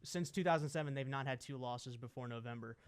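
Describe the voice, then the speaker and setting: A man trades college football picks on a podcast in a smooth, clear voice. He talks with emphatic, playful energy and gets excitable when he backs an underdog. His delivery stays casual throughout. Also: mid-range voice, fast talker. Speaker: podcast co-host. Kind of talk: casual sports chat.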